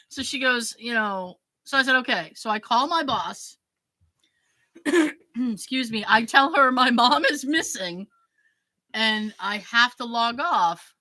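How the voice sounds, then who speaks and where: A woman podcast host telling a story in casual chat, acting out the quoted dialogue with lively emphasis. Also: on the high side, slow pace, long pauses, no room sound, poor audio. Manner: animated, acts out quoted dialogue.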